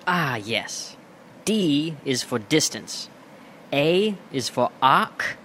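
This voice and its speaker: Man doing British chimp gent, high and bouncy, unhurried storybook voice. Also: very animated, pushed and bright, a little hiss or hum, exaggerated voice. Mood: courteous. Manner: courteous, formal and precise. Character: polite formal male chimpanzee leader.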